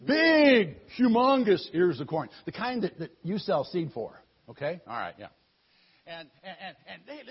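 A man telling a Bible story in an animated way, often repeating words as he goes. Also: high-pitched, unhurried, slightly rough. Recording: dull lo-fi recording.

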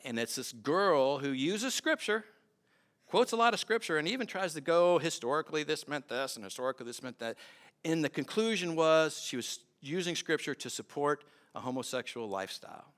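A pastor preaching a sermon in a church, talking conversationally with asides and repeated phrases. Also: male voice, on the high side, fairly bright tone.

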